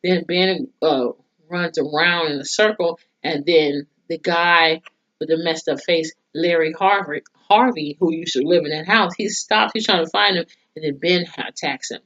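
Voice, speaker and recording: A woman's voice: deep voice, moderate pace, a bit bright. A woman recapping a TV episode in a blunt, profane, casual way. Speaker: TV episode reviewer. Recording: dull lo-fi recording.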